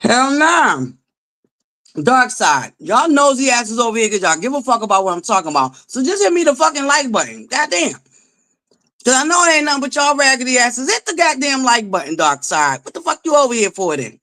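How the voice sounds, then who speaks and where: A woman hosting a casual gossip commentary vlog, sassy and profane, scolding her viewers and swinging from low asides to loud exclamations. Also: sing-song, a little fast. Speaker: commentary vlogger.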